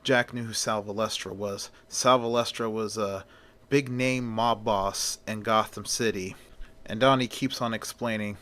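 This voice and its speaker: A man's voice: on the low side, steady tone, a little slow, fairly bright tone. Folksy male storyteller. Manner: folksy, often opens with "well". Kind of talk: casual amateur storytelling.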